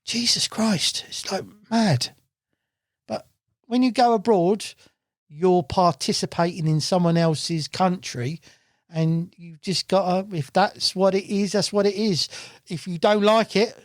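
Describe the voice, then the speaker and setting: A man, a guest angler on a podcast, telling stories in a casual, animated way, swearing freely and acting out what people said. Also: sits high, measured pace, no echo, studio quality. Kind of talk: casual storytelling chat. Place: podcast studio. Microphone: studio mic.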